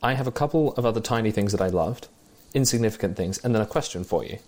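A man's voice: fairly low pitch, fast talker, darkish tone. A man chatting casually and enthusiastically about the small details he loved in a film. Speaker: podcast co-host.

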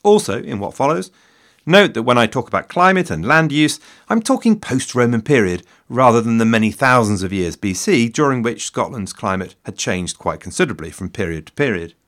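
A man's voice: medium pitch, lively intonation, fairly quick, fairly bright tone. An English man in his fifties hosting a solo history podcast, wry and self-mocking, with theatrical asides. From England. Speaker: podcast host. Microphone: studio mic in a shed.

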